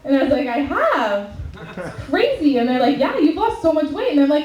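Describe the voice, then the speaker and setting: A high-pitched young woman from Canada doing a stand-up set, talking in a chatty, profane way full of "like." Her voice fills a roomy club and sounds a little distant from the mic. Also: sing-song, a little fast, a little mellow. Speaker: stand-up comedian. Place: comedy club stage at a competition.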